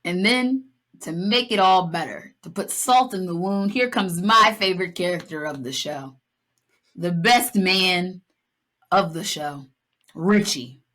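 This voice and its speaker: A young woman co-hosting a podcast in casual chat, telling stories with lively acted-out lines and playful asides. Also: on the low side, unhurried. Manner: animated storytelling, acts out lines, playful. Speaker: podcast co-host.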